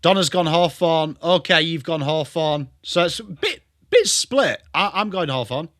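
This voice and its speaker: An English man hosts a live footy watchalong stream, chatting away and calling out viewers by name in bursts of excitement. His voice sits a touch high, with a bright, ringing edge. The sound is close and dry. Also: unhurried, dry recording. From England. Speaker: livestream host. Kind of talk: live sports watchalong chat.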